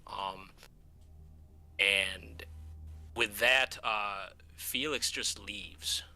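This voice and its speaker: A man narrating a tabletop game as game master, halting with many fillers. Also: on the low side, sharp tone.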